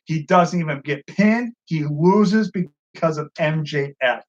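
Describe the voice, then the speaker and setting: A man co-hosting a wrestling review show in casual, profane commentary, excitable and acting out what the wrestlers said. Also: a little high, takes it slowly. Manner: excitable, swears a lot, acts out quotes. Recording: dull lo-fi sound.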